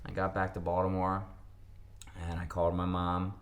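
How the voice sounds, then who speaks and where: In an interview, a young man from Pennsylvania shares his story with a deep voice and normal pacing. He keeps things casual and animated, voicing the words of the people involved.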